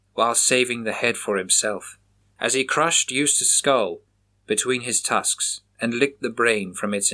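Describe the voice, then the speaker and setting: A man reading a horror story aloud in a measured, grave manner. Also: fairly low pitch, sharp tone. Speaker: narrator.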